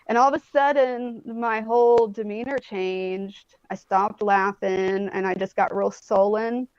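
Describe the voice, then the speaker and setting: A woman's voice: mid-range voice, steady tone, unhurried, a little mellow, muffled recording. Rambling woman in her forties on a call. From Indianapolis, USA. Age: 40s. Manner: rambling storyteller, swears freely, many "like" and "um". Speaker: guest. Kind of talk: casual chat. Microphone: phone or tablet on a video call.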